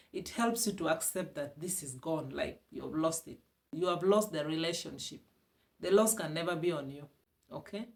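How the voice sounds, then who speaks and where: A woman from Uganda with a Ugandan English accent, giving emphatic, repetitive self-help advice on healing after divorce as a vlogger. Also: fairly low pitch. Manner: emphatic and repetitive, with sudden loud bursts and laughs. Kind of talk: motivational self-help talk.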